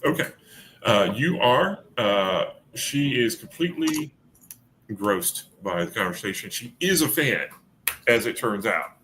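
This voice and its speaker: Acting as game master for a tabletop game, a man narrates with lots of fillers and restarts. His voice is fairly low and a bit bright, with lively intonation and a measured pace, and there's slight background noise.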